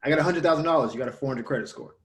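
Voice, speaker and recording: A man's voice: fairly high pitch, very fast. Man telling a casual story. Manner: storytelling, animated when quoting others. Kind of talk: casual conversation.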